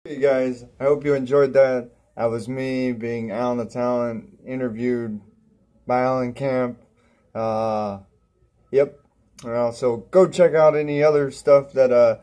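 Slow, mellow-voiced giggly vlogger guy. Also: medium pitch. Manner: giggly, stumbles over words and corrects himself. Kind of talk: goofy self-made comedy video.

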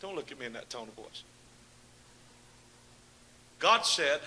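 A man preaching a fiery Pentecostal sermon, moving between shouted proclamations and low, chatty asides and calling out to his congregation. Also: very animated, measured pace, pauses often, slight background noise. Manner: calls out to the congregation.

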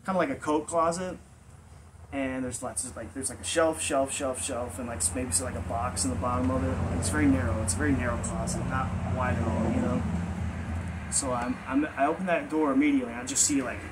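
A man's voice: medium pitch, fairly even intonation, fairly quick, noisy background. A man telling a personal story in a casual, rambling way full of filler words, as the host of his own channel. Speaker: vlog storyteller.

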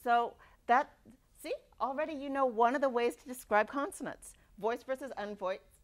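A woman giving a university lecture, lively and demonstrating speech sounds aloud. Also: fairly high pitch, normal speed. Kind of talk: classroom lecture. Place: lecture hall.

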